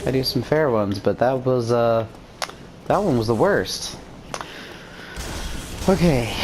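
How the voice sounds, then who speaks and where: A woman with a very deep voice giving rambling, self-deprecating let's-play commentary as she plays. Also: slow, pauses often, background noise. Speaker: game streamer.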